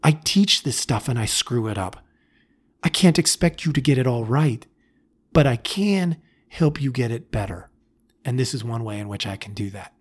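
A middle-aged man with a voice of ordinary pitch hosts a podcast and speaks plainly and earnestly to parents. He talks in a direct, casual way and slips into the voices of parents and kids to show how a talk might go. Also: animated, normal speed, breathy edge. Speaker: podcast host and family therapist.

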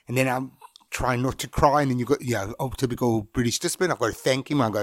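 A middle-aged man from Zimbabwe, a guest in an interview, telling stories about his life in a relaxed, anecdotal way and chuckling as he recounts them. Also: mid-range voice, fairly quick, dry recording, studio quality. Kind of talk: reflective storytelling in an interview.

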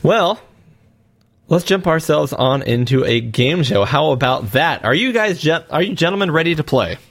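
A man's voice: a little high, lively intonation, normal speed. A man hosting a casual podcast, talking in a rambling, joking way with lots of fillers. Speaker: podcast host. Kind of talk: casual chat.

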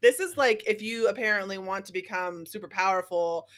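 Wry bright-voiced woman podcaster. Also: mid-range voice, brisk. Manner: wry, dry, laughing asides, swears. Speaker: podcast co-host. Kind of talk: casual movie chat.

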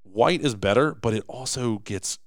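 Emphatic and animated, a podcast co-host who runs a business keeps restarting his thoughts as he talks casually. He has a medium-pitched voice and a moderate pace, captured in clean studio audio without any room sound.

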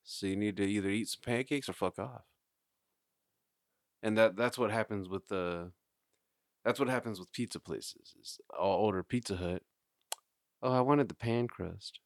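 A man co-hosting a podcast, talking in casual, crude, joking banter and mimicking people in quick voices. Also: on the low side, dry recording, studio quality. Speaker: podcast co-host.

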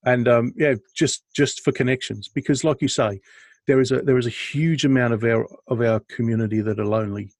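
A man's voice: mid-range voice, fairly even intonation, fairly quick, a little mellow, no room sound. A man co-hosting a podcast, chatting casually and telling stories in a rambling, jokey way over a video call. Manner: rambling, jokey, with restarts and bursts of laughter. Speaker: podcast co-host. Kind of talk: casual chat and storytelling.

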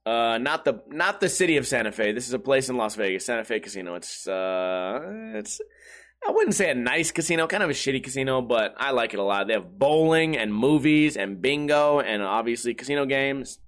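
Young man, solo talk host, crude and rambling, self-mocking, mid pitch. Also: lively intonation, fairly quick, fairly bright tone. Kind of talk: casual crude storytelling monologue.

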